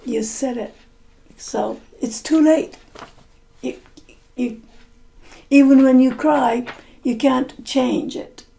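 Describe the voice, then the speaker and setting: A woman voicing a sorrowful, reproachful female serpent wife in a storybook tale, speaking slowly in soft, simple phrases. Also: high-pitched, creaky, exaggerated voice.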